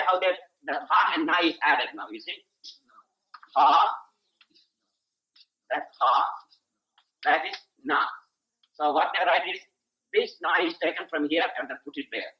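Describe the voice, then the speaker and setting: Slow older Indian man teaching Sanskrit. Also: sits high, gravelly. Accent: Indian English. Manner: slow, repeats each syllable, asks "see?". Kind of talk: classroom lesson. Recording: dull lo-fi 1980s tape.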